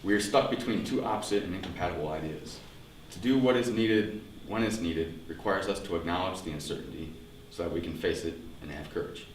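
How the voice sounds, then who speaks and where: A man with a very deep voice wraps up a prepared speech, measured and formal in delivery. He is heard from a distance in an echoey room, with faint hiss behind him. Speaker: student speaker.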